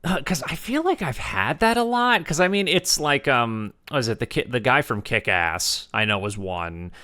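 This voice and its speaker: Bright, animated male podcast host. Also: medium pitch, no echo, studio quality. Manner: eager, chatty, quick to laugh along. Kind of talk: casual podcast conversation.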